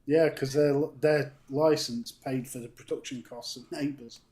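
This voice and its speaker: A man's voice: mid-range voice, steady tone, unhurried, a little mellow. A man co-hosting a live stream, greeting chat viewers one by one with affectionate nicknames and frequent laughter. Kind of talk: casual chat. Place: home studio for a live stream.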